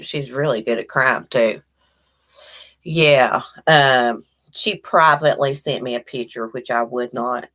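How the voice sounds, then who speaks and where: With a bass voice and a fairly bright tone, a middle-aged Virginian woman hosts a livestream, chatting loosely and calling out to viewers by name.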